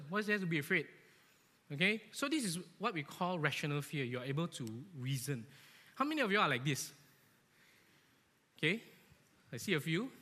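A man giving a lively, joking sermon to a church, animated and often asking his listeners "right?", in an echoey church hall. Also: a little high. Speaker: church speaker.

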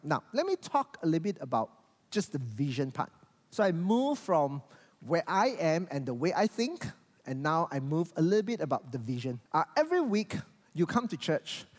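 Animated pastor preaching in a reverberant hall. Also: mid-range voice. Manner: animated preaching with frequent repeated words. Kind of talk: sermon. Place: church hall.

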